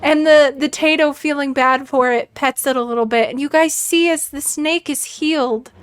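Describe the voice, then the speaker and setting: A woman's voice: high voice, steady tone, normal speed. A woman narrating as dungeon master, chatty and giggly, with many fillers. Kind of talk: narrating a tabletop game.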